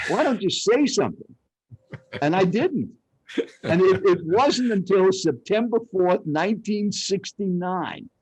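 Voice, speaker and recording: Animated older man telling stories. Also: high voice, dry recording, rough recording. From Arizona, United States. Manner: animated, dramatic storyteller. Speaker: speech coach guest. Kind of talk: storytelling interview.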